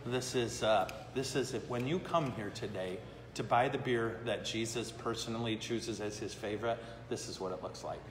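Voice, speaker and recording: A man's voice: on the low side, normal speed. A man, a priest hosting a live question-and-answer show in a brewery, talking casually and joking about himself, often checking in with "okay?" and "right?". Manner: joking, self-deprecating, asks the room "okay?" and "right?". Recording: long reverb, faint ambient noise.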